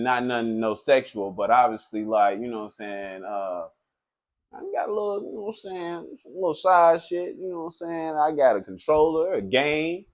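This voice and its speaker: A man who works as a tattoo artist, telling a story in a loose, animated, profane way, full of filler phrases. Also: medium pitch. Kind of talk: casual storytelling.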